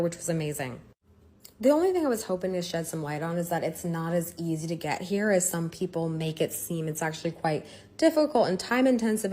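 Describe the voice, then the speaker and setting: A woman's voice: on the low side, a little mellow. A woman talking to camera in a travel vlog, giving breezy, enthusiastic advice. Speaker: travel vlogger.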